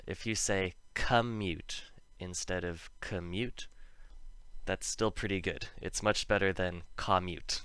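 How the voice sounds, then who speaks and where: Male pronunciation teacher; low, unhurried, deliberate delivery. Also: creaky, a bit bright, no room sound. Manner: slow, careful, drawn-out word demonstrations. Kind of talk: scripted pronunciation lesson.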